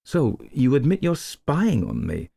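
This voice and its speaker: Male narrator doing a curt, gruff inspector, impatient and grumbling. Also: low-pitched, expressive, a little slow, a little mellow, no room sound. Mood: irritated. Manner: curt, irritated. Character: gruff, impatient police inspector, middle-aged man.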